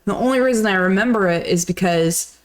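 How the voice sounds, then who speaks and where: A woman's voice: medium pitch, fairly quick. A woman co-hosting a live movie stream, telling a personal story in casual chat with frequent laughs and swearing. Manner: laughing anecdotes, swears freely. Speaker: podcast co-host.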